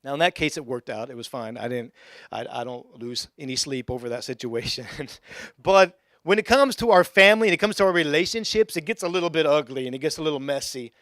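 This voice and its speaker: A young adult male pastor giving a conversational sermon in a church, with joking asides and bursts of excitement. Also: a little high, a little fast, no room sound, clean studio sound. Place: church sanctuary.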